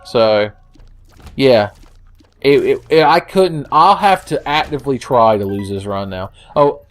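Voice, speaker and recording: A man's voice: medium pitch, lively intonation, measured pace, faint music behind. Dude rambling over his gameplay, jokey, swears a lot. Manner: joking, rambling, profane. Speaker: let's play host. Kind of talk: gameplay commentary.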